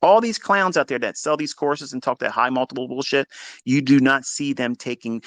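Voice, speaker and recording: A man's voice: medium pitch, moderate pace, a bit bright, dry recording. Man, trading coach, emphatic and profane, preachy, dry close sound. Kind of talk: blunt motivational monologue.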